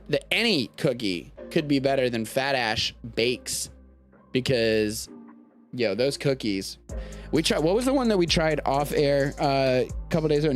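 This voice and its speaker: An American man hosting a live-streamed show, chatting casually in a rambling, jokey way. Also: mid-range voice. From United States. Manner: rambling, animated, jokey asides. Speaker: podcast host.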